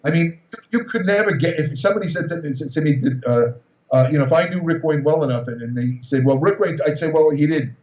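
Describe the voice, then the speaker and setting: A man's voice: a little high, fast talker, darkish tone. A man in his sixties, a podcast guest, telling casual anecdotes in a rambling way, full of restarts and fillers. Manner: rambling storyteller with many restarts. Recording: distant roomy dull recording.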